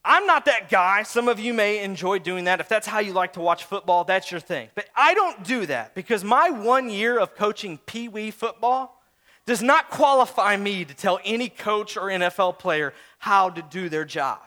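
A young man preaching a sermon as a pastor, animated and acting out quoted voices, swinging from calm talk to shouting. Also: high voice. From St. Louis area, USA.

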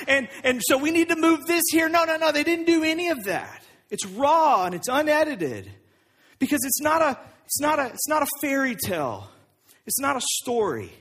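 A man's voice: very high-pitched, fairly bright tone, husky. A man preaching a sermon in a conversational way, with asides and restarts. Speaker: pastor.

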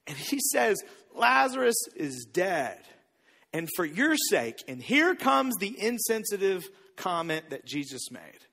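A man preaching a sermon, telling a story with lively acted-out voices and frequent repeated words. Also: sits high, takes it slowly, gravelly, big-room sound. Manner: animated storytelling, acts out disciples' lines, repeats words. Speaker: pastor.

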